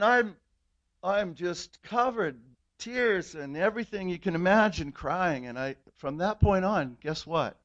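A man's voice: high voice, a little slow, a bit bright, muffled recording. A man telling a heartfelt personal testimony in church, earnest storytelling that swells when he is moved. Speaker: guest giving testimony.

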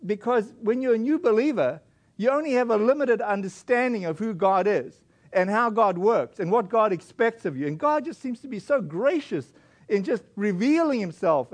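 A man from South Africa tells his story from the pulpit in an earnest sermon voice. His voice sits high, and he often restarts his sentences as he speaks. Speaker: pastor. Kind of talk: sermon testimony.

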